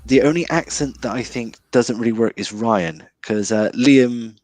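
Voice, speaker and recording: A man's voice: medium pitch, normal speed, a little mellow, no room sound. A man talking about a film as a guest in a casual chat, hesitant and full of restarts. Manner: hesitant, restarts with many ums.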